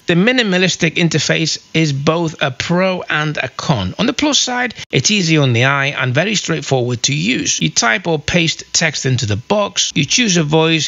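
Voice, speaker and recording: A man hosting a casual software review, explaining things in a chatty walkthrough. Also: a little high, creaky.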